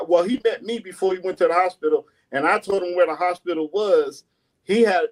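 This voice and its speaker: High-voiced man telling a rambling story. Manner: rambling, many fillers and restarts, chuckles. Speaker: guest artist. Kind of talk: casual storytelling.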